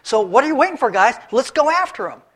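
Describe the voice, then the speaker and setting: A man's voice: very high-pitched, fast talker, slightly rough, voice pushed up, full character voice. A man doing an eager young shepherd boy. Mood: fired up. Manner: excited, rallying.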